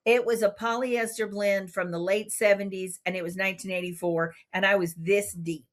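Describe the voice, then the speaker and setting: Woman, 50s, interview guest, lively storyteller, even medium pitch. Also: normal speed. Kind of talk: animated storytelling.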